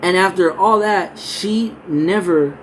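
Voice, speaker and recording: A man reading Bible verses slowly, then explaining them in a loose, conversational way with casual asides. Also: sits high, a bit bright, slight background noise, low-quality recording. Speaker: Bible teacher. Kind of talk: scripture reading and casual Bible study talk.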